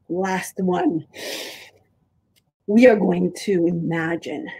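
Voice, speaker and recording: A young woman leading a creative drama warm-up for small children, animated and sing-song, with playful animal noises. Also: medium pitch, slightly rough, poor audio.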